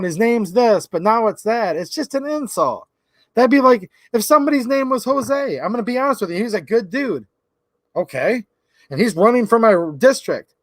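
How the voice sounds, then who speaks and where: A man's voice: sits high, dry recording. A man hosting a casual livestream, rambling and opinionated, talking straight to his viewers from a close desk mic. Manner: rambling, opinionated, talks to chat. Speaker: livestream host.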